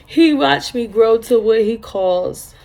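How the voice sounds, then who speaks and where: Woman in her 30s, slow gravelly voice, tearful storytime vlog, keeps repeating herself. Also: a little high, lively intonation, a little mellow. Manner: tearful, halting, repeats phrases. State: crying at times. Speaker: vlogger.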